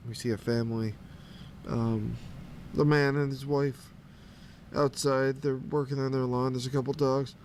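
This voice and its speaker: A man's voice: medium pitch, flat delivery, unhurried, a little mellow, a little hiss or hum. A man reading comic strips aloud for a radio reading service, in a plain, easygoing way with small fillers.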